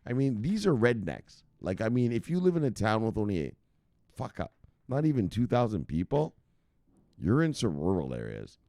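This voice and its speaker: Brash low-voiced man swearing freely. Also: sing-song, normal speed, dark tone, no room sound, clean studio sound. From United States. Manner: brash, swears a lot, laughs at own jokes. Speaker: crypto news host. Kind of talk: profane casual commentary.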